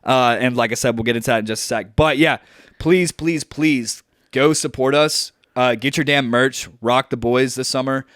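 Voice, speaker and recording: Smooth-voiced young man rambling casually. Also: medium pitch, fairly even intonation, a little fast, few pauses, a bit bright, no room sound, studio quality. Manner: rambling, joking, heavy on fillers. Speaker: podcast co-host. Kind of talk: casual podcast chat. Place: at home on a video call.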